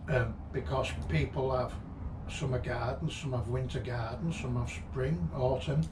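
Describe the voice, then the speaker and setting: A man reminiscing casually about a late friend, halting and reflective, with frequent ums and restarts. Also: mid-range voice, fairly even intonation. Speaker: vlogger remembering a late friend. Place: at the friend's old house and garden. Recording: roomy echo, distant mic, faint ambient noise.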